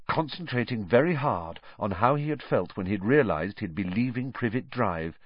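A man narrating a fantasy story aloud with expressive, storytelling delivery, on a dull, dry recording. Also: mid-range voice, husky, no room sound. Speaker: audiobook narrator. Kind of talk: scripted narration. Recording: dull, dry studio audiobook.

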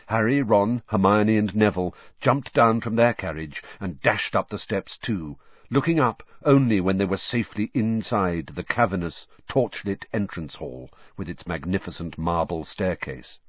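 A man narrates a storybook with animated, expressive delivery in a low, husky voice. His pitch moves a lot from line to line. The sound is dull and dry, with no room echo. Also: normal speed. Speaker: audiobook narrator. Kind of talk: scripted narration.

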